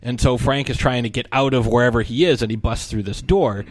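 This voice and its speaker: A man's voice: mid-range voice, fairly quick, no room sound. A man in casual conversation, recapping a film's plot and acting out its characters' lines. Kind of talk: casual movie discussion.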